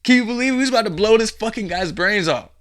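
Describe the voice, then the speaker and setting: A man voicing an excited, gloating onlooker who shouts with mocking glee. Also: high voice, fast, voice pushed up.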